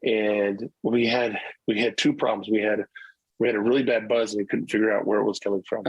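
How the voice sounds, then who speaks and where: A man's voice: fairly low pitch, little pitch movement, fairly quick, breathy edge, no echo, lo-fi sound. A middle-aged male musician telling stories in a casual interview, rambling with many restarts. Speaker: musician guest.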